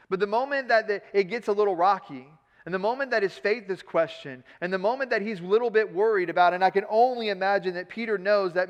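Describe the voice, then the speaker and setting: High-voiced pastor preaching in a hall. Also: male voice, brisk, highs cut off. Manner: animated, acts out Peter's lines in a casual modern voice; repeats words when excited. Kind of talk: sermon. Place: church sanctuary.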